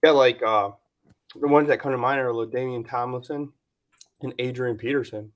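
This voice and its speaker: A man co-hosting a podcast, laid-back and quick to laugh, keeping the chat going with questions. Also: mid-range voice, fairly even intonation. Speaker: podcast co-host. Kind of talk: casual chat.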